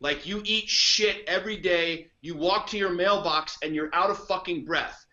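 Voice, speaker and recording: A blunt, foul-mouthed man speaks as a podcast guest, hammering his points home. His voice is bright and forceful. The audio is dull and lo-fi. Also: high voice, normal speed. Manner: blunt, profane, emphatic. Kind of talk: casual conversation.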